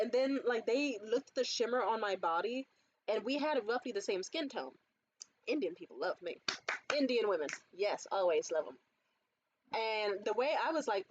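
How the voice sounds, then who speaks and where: Animated young woman chatting a beauty haul. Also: fairly high pitch, moderate pace, lo-fi sound. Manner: animated, swearing, squeals when quoting others. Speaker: beauty vlogger. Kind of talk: casual haul vlog chat. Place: bedroom.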